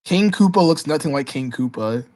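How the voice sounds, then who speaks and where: Excitable male livestreamer who stumbles over his words. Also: on the high side, normal speed. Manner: excitable, repeats words and restarts often. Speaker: livestream host. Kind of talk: casual livestream Q&A, reading chat questions aloud.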